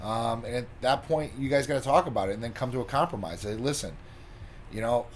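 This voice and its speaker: A middle-aged man co-hosting a relationship advice chat, explaining his points in a calm, measured way. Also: mid-range voice, slight background noise. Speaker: co-host giving relationship advice.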